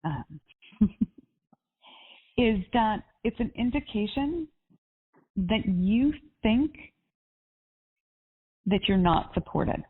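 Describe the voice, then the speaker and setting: A woman's voice: medium pitch, animated, drawn-out words, long pauses, breathy edge. A woman life coach on a coaching call, talking in an upbeat, encouraging and spiritual way. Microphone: phone or call line. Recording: tinny phone-line audio.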